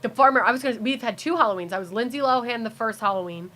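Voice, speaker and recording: A woman's voice: on the high side, racing, pushed and bright. A young American woman, a TV meteorologist, chatting as a guest in a casual interview, rambling with many restarts and fillers. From United States.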